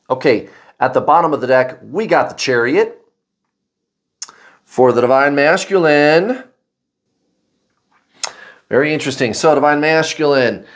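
A man giving a casual tarot card reading, chatty and blunt, swearing freely and often calling out to "guys". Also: mid-range voice. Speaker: tarot reader.

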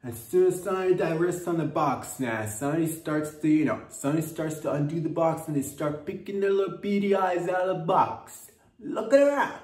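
A man's voice: on the high side, fairly quick, few pauses, darkish tone, distant mic. A man hosting a comedy podcast, delivering a playful, rambling monologue and slipping into mock accents. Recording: roomy sound from off-mic.

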